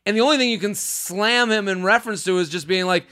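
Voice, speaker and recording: A man in his thirties hosting a podcast, telling stories in casual comedic chat, animated and full of filler likes. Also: high voice, fast. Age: 30s. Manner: animated storyteller, many likes. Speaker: podcast host.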